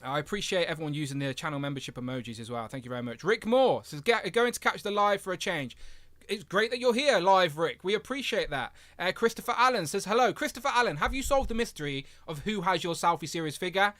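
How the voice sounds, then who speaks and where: A young man from England hosts a casual livestream, upbeat and chatty, reading out viewer comments and laughing often. His high, fairly bright voice is animated and quick, with no echo, picked up by a headset mic.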